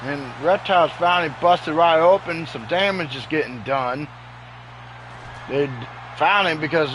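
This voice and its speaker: High-voiced man doing excitable play-by-play. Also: slight background noise, low-quality recording. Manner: excitable, keeps exclaiming "uh-oh". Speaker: game commentator. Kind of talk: play-by-play commentary over a wrestling game. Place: home with sleeping dogs nearby.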